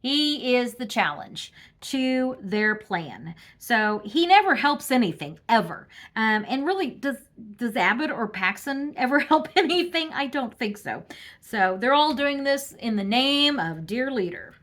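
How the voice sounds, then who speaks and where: A woman's voice: on the high side, big pitch swings, unhurried, a bit bright. Snarky woman giving a tarot reading. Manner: snarky, laughing, with frequent ums and restarts. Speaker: tarot reader. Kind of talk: casual political tarot commentary.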